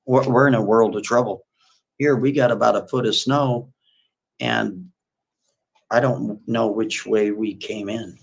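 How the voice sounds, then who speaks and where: A man's voice: on the low side, fairly even intonation, a little slow, creaky, slightly rough, heavily acted. A man voicing a worried young man stranded in the snow, talking in an urgent, pleading, insistent way.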